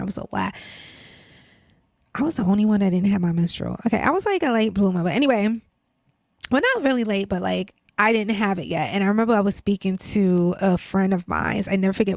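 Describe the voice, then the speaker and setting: A woman's voice: medium pitch, creaky, a little mellow, no echo. A woman in her fifties hosting a podcast in a casual, heartfelt chat, peppering her talk with "like" and "girl". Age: 50s. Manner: chatty, emotional, heavy use of "like" and "girl". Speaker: podcast host.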